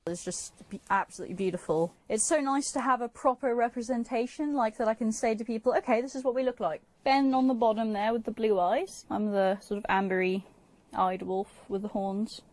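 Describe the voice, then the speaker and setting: A woman's voice: a little high, a little fast, a little mellow. A woman speaking in a documentary interview, gushing and hesitant, with many fillers.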